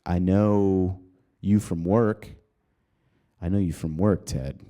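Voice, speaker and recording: A man's voice: deep voice, steady tone, takes it slowly, warm tone. A man doing a fed-up coworker. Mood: exasperated.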